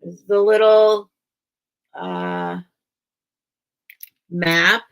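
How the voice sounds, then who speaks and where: Slow, gravelly-voiced woman live-stream host. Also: medium pitch, sing-song, a bit bright, muffled recording. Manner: emotional, choking up while reading; slow, halting, with many restarts. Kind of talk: casual live-stream chat and reading aloud.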